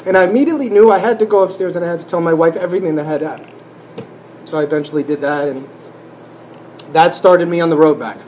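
A man sharing a personal faith testimony in an emotional, halting way, often restarting his sentences and sighing. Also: on the high side, a little mellow, a little hiss or hum, low-quality recording. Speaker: church member sharing testimony.

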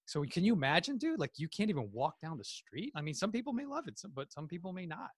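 A man with a New Jersey accent, a podcast guest telling animated stories and acting out quotes in casual chat. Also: high-pitched, quick pace, slightly rough, no echo, studio quality. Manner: animated storyteller, acts out quotes.

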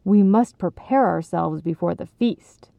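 A woman's voice: on the low side, expressive, a little slow, gravelly, dry recording. A woman reading a kindly, theatrical dad. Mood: storytelling. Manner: gentle, grand storytelling. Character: kindly father, theatrical storyteller. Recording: tinny phone-like sound, dry.

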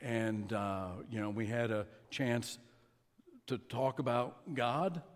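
Man preaching in a reverberant hall. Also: mid-range voice. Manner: storytelling, conversational with pauses. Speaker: pastor. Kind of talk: sermon. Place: church sanctuary. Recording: long reverb of a large hall.

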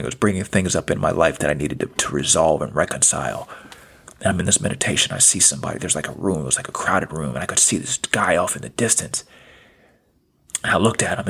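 A man in his thirties with a deep, gravelly, slightly rough voice that's a bit bright hosts a spiritual self-help podcast. He is earnest and casual, uses slang, and repeats phrases for emphasis.

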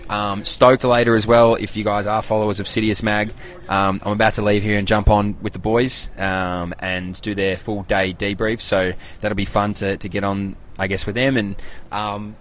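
A man's voice: lowish voice, fairly bright tone. A young Australian man hosting a casual solo podcast recap, loose and rambling, full of slang and swearing. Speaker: podcast host.

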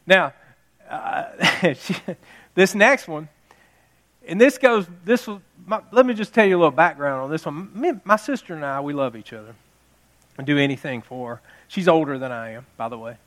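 A man's voice: on the high side, animated, moderate pace, a bit bright. A man in his fifties preaching a jokey Mother's Day sermon, telling family stories and laughing at them. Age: 50s.

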